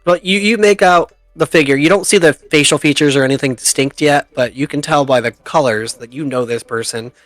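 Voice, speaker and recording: A man's voice: on the high side, fairly quick, hardly any pauses, a bit bright, no echo, soft background music. A man narrating as game master of a tabletop game, chatty and laughing often at his own jokes.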